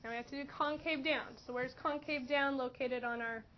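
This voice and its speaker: High-voiced woman teaching a math class. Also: steady tone, brisk. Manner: questioning, encouraging students. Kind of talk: classroom lesson. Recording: dull lo-fi classroom recording with faint noise.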